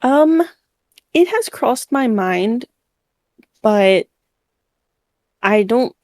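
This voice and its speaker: A woman's voice: fairly high pitch, expressive, drawn-out words, a little mellow, dry recording. A woman with a Midwestern American accent, a guest in a casual interview, speaking very expressively and laughing often.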